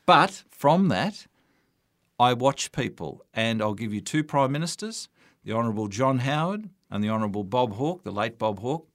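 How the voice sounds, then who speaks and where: A man's voice: medium pitch, animated, moderate pace, no room sound, studio quality. An older Australian man, a radio broadcaster and MC, telling anecdotes about his career in an interview. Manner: anecdotal, warm storytelling with quoted dialogue. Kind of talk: storytelling interview answers.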